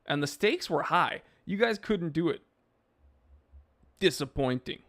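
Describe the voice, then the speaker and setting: A man hosts a casual live stream, answering viewers' chat messages in a relaxed, meandering way full of fillers. His voice sits fairly high for a man and carries a noticeable gravelly fry. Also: measured pace. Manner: laid-back, rambling with fillers.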